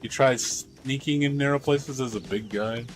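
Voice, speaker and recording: A man's voice: mid-range voice, moderate pace, soft background music. A man streaming live, chatting casually and rambling bluntly about how he handles people, with plenty of swearing. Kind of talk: casual livestream chat.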